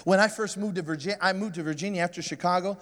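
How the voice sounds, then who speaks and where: A man preaching a sermon, telling funny stories with emphatic, shouted high points. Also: racing. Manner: animated, humorous storytelling with emphatic shouts. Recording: long hall reverb.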